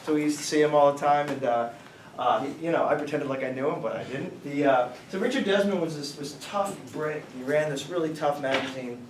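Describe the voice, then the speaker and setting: A middle-aged man with a slightly high voice gives a loose, rambling talk to a class, throwing questions out to the audience. He sounds set back from the mic in a roomy lecture space with faint background noise. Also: a little fast, distant mic. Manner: rambling storyteller, quizzes the audience. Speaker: guest speaker, company founder. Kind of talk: informal lecture to students.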